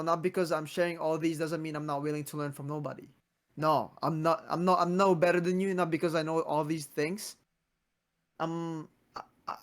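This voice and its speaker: A young man in his twenties with a somewhat high-pitched voice hosts a relaxed podcast chat. He talks in an earnest, motivational way, tripping over and restarting his sentences as he goes. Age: 20s. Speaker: podcast host.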